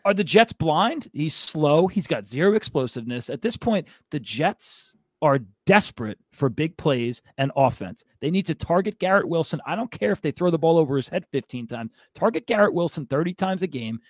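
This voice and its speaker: A man's voice: on the high side, big pitch swings, normal speed, few pauses, dry recording, clean studio sound. A man co-hosting a sports podcast, ranting in a fired-up, exasperated way. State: out of breath. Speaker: podcast co-host.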